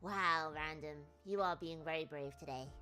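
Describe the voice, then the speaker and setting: A woman's voice: low-pitched, normal speed, bright, forceful tone. A woman VTuber streamer telling a travel story in rambling, chatty casual talk, laughing often at herself. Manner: rambling, chatty, self-deprecating with frequent laughs.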